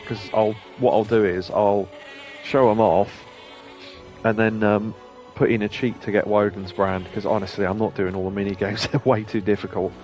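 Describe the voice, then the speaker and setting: A man's voice: fairly low pitch, little pitch movement, moderate pace, a little mellow, faint music behind. Chatty man streaming a game. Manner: chatty, rambling, laughs often, occasionally swears. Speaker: streamer host. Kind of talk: let's play commentary.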